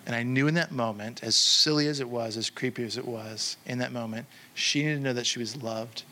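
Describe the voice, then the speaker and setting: Animated storytelling pastor, a man. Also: a little hiss or hum. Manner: animated, acts out quoted voices with sudden high jumps; drops to slow, hushed delivery for the closing appeal. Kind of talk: sermon with storytelling.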